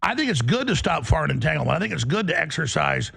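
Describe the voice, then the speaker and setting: A man's voice: on the high side, big pitch swings, fast talker, vocal fry, a bit bright, slightly rough, soft background music. A man hosting a political talk show, rambling and restarting his sentences as he goes.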